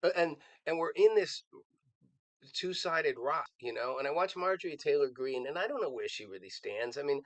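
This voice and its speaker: A man's voice: fairly high pitch, expressive, normal speed, fairly bright tone, dry recording, rough recording. A man giving earnest political commentary on a live show, rambling with restarts and repeated words.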